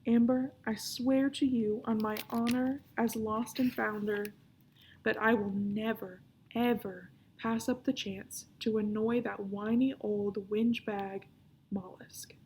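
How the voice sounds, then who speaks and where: A woman's voice: fairly high pitch, fairly even intonation, slow, darkish tone, slight background noise, poor audio. A woman voicing a cheeky young boy who works as a hotel lost-and-founder, speaking in a mock-solemn way in a storybook reading.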